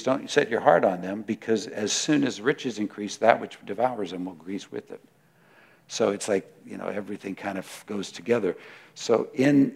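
A man's voice: fairly low pitch, creaky, slightly rough. A man preaching a sermon in a conversational way, reading scripture aloud and often repeating words as he searches for the next thought. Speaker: pastor.

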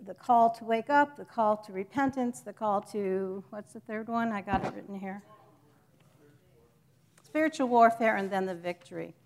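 Woman teaching a chatty church lesson. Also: a little high. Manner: chatty, jokes with the congregation, self-correcting. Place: church hall with a congregation.

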